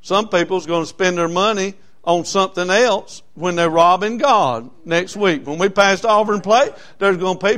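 A man's voice: high-pitched, a bit bright. A man pastor, preaching a sermon in church, emphatic and repetitive with frequent fillers.

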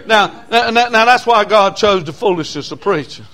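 A male preacher delivers a storytelling sermon. His voice sits high for a man, and his folksy, repetitive delivery grows loud when he is stirred. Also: animated, moderate pace.

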